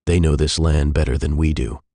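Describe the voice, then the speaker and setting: A man's voice: a bass voice, fairly even intonation, fairly quick, warm tone, no echo. A man reading as a grim, wary officer. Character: grim, wary male British brigadier.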